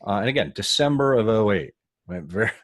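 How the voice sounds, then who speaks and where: Man, low voice, podcast guest, animated storyteller, dry close sound. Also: brisk, no echo. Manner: animated, acts out quoted voices. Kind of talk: conversational storytelling.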